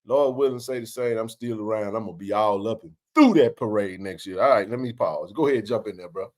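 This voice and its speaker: A man hosting a casual live sports chat, animated and preachy, swearing freely and climbing toward a shout. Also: on the low side, brisk. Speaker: show host.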